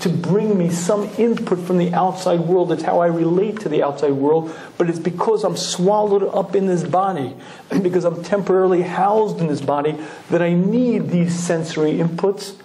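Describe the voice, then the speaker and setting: A male Torah lecturer telling a lively story, clearing his throat often. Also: high voice, moderate pace. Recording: roomy echoing hall.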